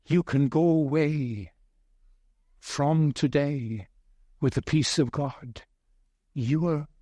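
A man preaching a sermon as pastor, earnest and heavy with repetition and pauses. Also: fairly high pitch, darkish tone, dry recording, clean studio sound.

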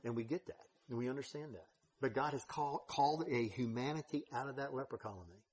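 Husky-voiced man preaching a sermon. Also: medium pitch, fairly quick. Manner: emphatic, swings between loud stresses and quiet drops.

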